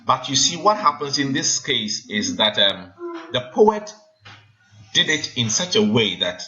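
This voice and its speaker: A man teaching a poetry lesson, explaining in a measured, hesitant way with frequent pauses and filler sounds. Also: medium pitch, big pitch swings, music in the background. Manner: measured, hesitant, frequent ums, counts syllables aloud. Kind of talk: recorded literature lesson. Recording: dull lo-fi sound with faint noise.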